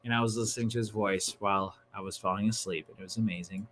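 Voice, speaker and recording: Excitable chatty man on a livestream. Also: on the low side, fast. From Northern California. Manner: chatty, excitable, full of slang like "dude" and "bro". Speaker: livestream host. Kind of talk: casual livestream chat.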